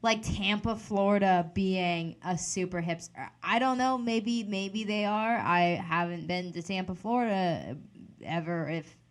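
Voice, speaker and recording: A woman co-hosting a casual talk show, candid and wry, quick to tease her co-host. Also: medium pitch. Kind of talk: casual banter.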